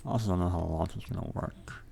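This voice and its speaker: Gravelly young man rambling as he builds. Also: deep voice, very fast, noisy background. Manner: rambling, profane, self-talking. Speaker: game level builder. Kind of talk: casual thinking aloud while working.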